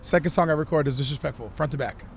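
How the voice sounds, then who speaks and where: A man, a musician guest on a podcast, telling his story in an animated, profane way and acting out what people said. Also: a little high, quick pace, creaky, a little hiss or hum. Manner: animated, profane, acts out quotes.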